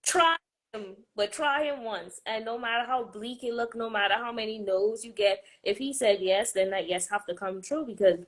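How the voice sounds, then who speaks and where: A woman, a podcast host chatting casually about faith in a fast, emphatic, sassy way. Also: fairly high pitch, rough recording.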